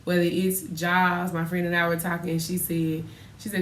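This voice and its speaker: A woman co-hosting a casual podcast, telling stories and acting out quotes in a lively way. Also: lowish voice, moderate pace, echoey room, distant mic, slight background noise. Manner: animated storytelling, acts out quotes loudly. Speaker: podcast co-host. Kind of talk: casual faith podcast chat.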